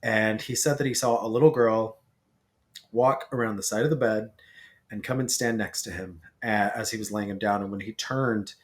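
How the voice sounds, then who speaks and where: A man chatting as a podcast guest, telling a story in a lively way and acting out the lines of the people in it. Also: lowish voice, moderate pace. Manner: animated storyteller who acts out quoted lines.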